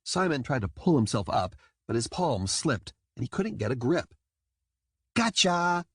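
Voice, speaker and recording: A man reading an audiobook in scripted narration, lively and quick to slip into character voices. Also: medium pitch, breathy edge, no room sound, studio quality.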